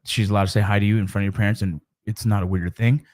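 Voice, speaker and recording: A man's voice: on the low side, fairly even intonation, fast, darkish tone. A man in his thirties talking to camera in a loose, rambling way about his family life. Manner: rambling, loose, with fillers and restarts. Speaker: vlogger. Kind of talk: casual monologue.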